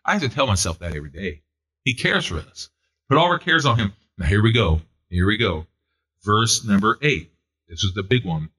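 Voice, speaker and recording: Fervent, bright-voiced male preacher. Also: medium pitch, sing-song, moderate pace, husky. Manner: fervent, building to loud exhortation; repeats phrases for emphasis. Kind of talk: sermon.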